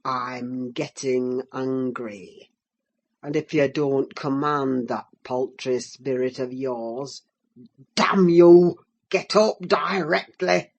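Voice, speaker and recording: A woman's voice: rumbling low, steady tone, takes it slowly, voice pushed down. A woman voicing a grim, scornful man. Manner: gruff, scornful, growls then bursts into shouts. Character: harsh, menacing middle-aged man, cruel father. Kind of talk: audiobook character reading.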